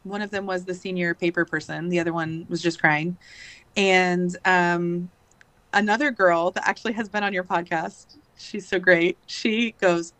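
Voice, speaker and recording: Fairly low in pitch, steady and a bit bright, a woman in her thirties talks at normal speed with no echo. She's a podcast guest telling a long story casually, chatting with many fillers and "likes."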